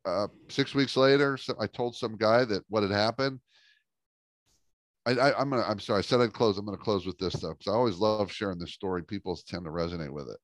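Low-voiced man telling a lively story. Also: brisk, no room sound, clean studio sound. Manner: lively storyteller who acts out dialogue. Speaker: business coach and speaker, guest. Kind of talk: storytelling in an interview.

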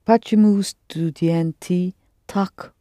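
Slow, careful woman student. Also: lowish voice, fairly even intonation, warm tone, no room sound, studio quality. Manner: careful, word-by-word answers. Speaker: language student. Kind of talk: language lesson.

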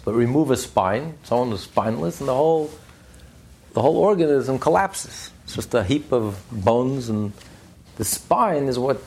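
A man lecturing a study class, animated and emphatic, repeating phrases for stress. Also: medium pitch, vocal fry, breathy edge. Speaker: Torah class teacher.

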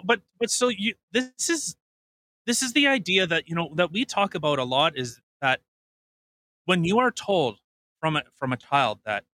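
A man's voice: a little high, sharp tone. A man co-hosting a podcast, joking in casual chat and piling on fillers. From Canada. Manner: joking, many repeated fillers like "like". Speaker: podcast co-host.

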